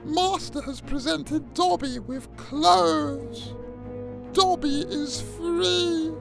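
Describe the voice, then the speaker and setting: Dobby, a squeaky house elf, as a man puts him on. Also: very slow, gravelly, music in the background, exaggerated voice. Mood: eager. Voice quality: squeaky, strained. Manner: eager and breathless, slipping into a hiss. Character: small excitable male house elf, eager servant. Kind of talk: comedic character impression.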